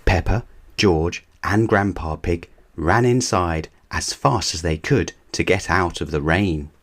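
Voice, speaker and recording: A man reading a children's picture book aloud at a slow, unhurried pace. His voice is low and deep, and his delivery stays measured and even. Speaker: narrator. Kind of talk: storybook reading.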